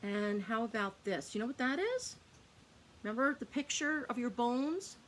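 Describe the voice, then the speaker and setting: A woman's voice: a little high, expressive, normal speed, a little hiss or hum. Patient woman teaching young kids phonics. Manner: patient, sounds out words for young children; asks questions and answers them herself. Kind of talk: children's phonics lesson.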